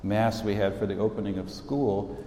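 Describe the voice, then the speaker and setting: Sixty-something bishop chatting to students, folksy stories, mellow low voice, echoey hall with faint background ambience. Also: male voice, steady tone, moderate pace, a little hiss or hum. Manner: folksy storytelling, warm asides. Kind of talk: informal address to students.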